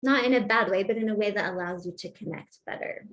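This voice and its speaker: A woman therapist teaching a webinar, chatty and lively, often laughing and acting out example lines. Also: mid-range voice, quick pace, few pauses, highs cut off. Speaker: marriage and family therapist.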